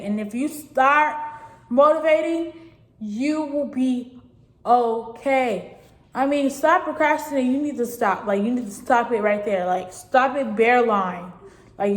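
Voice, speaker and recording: A teenage girl talks straight to her viewers, circling back over the same points in an earnest, rambling way. Her voice sits a little high, and the room around her gives it a noticeable echo. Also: unhurried. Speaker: vlogger giving advice. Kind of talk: casual spoken advice. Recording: echoey room.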